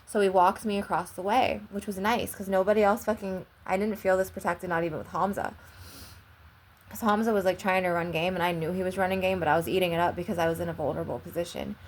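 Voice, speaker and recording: Young woman, lowish voice, casual storytelling, rambling, lots of "like", swears often. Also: steady tone, fast talker, slight background noise. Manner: rambling, heavy use of "like", frequent swearing. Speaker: vlogger.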